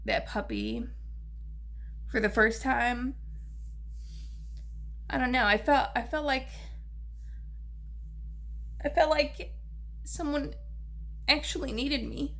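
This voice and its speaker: A young woman, talking in a personal vlog about her grief, halting and repeating herself, short on sleep. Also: sits high, steady tone, fairly bright tone. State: grieving, lacking sleep. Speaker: vlogger.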